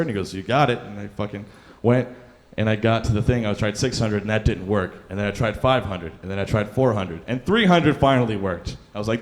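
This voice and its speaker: A young man works through a stand-up set on a handheld mic in a comedy club. He talks in a loose, rambling, self-deprecating way, padded with fillers, and his voice sits a little lower than most men's. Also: brisk. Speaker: stand-up comic.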